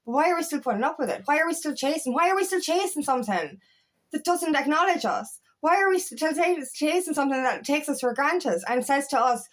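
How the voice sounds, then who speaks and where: Emphatic woman coach with higher voice. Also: animated, fairly quick, fairly bright tone. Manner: emphatic, rhetorical questions, swears often. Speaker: empowerment coach. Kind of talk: candid confessional vlog.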